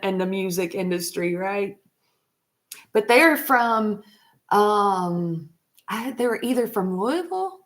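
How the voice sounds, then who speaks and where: A woman's voice: on the low side, fairly bright tone. A woman chatting casually on a vlog, rambling loosely, laughing often and swearing freely. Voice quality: unhurried, trailing talk. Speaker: vlogger.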